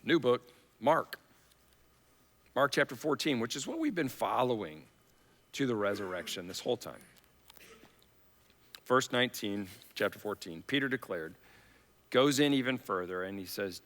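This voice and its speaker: Bright-voiced preacher in an echoing hall. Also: male voice, mid-range voice, animated, a little slow, long pauses. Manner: conversational preaching, acts out Bible quotes with rising intensity. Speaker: pastor. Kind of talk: sermon. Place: church hall. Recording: long church hall reverb.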